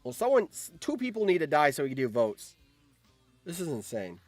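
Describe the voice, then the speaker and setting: A young man streaming, reacting to a game, excitable and swearing, with sudden shouts. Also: fairly high pitch, a little fast, no echo, faint music behind.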